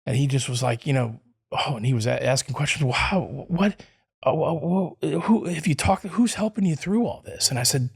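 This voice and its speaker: Gravelly man telling a story. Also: on the high side, moderate pace. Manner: rambling with many restarts and fillers. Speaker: podcast guest. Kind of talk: casual storytelling.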